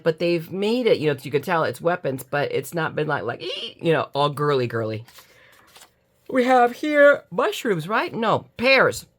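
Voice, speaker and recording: A middle-aged American woman who runs a crafting YouTube channel chats casually as she unboxes crafts, drowsy from allergy medicine. Her voice is on the low side and a bit bright, and she's chatty, gushing and self-mocking, yawning as she goes.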